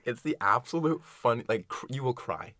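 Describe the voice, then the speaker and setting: A man co-hosts a casual podcast, joking around and breaking into laughter. His voice swings up and down with lively pitch, at a middle height for a man. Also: normal speed, no room sound, clean studio sound. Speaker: podcast co-host. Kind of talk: casual chat.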